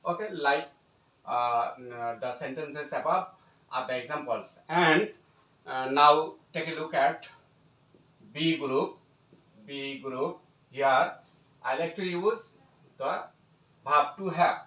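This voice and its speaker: Slow, halting man teaching grammar. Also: a little high, bright, forceful tone. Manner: slow, halting, many fillers and repeated phrases. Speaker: English teacher. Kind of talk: grammar lesson. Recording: echoey room, mic at a distance.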